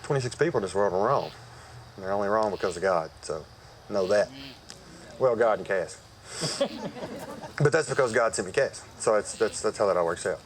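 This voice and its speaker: Man, lowish voice, folksy conversational testimony, outdoor service, faint insects behind. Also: expressive, normal speed, pauses often, slight background noise, poor audio. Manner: folksy and conversational, with frequent fillers. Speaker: church member giving testimony. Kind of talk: personal testimony, storytelling.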